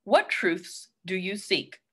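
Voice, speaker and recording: A woman's voice: medium pitch, animated, takes it slowly, pushed and bright, husky, exaggerated voice. Old Man Produce, a woman doing a solemn old produce sage. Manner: grand, riddling speech.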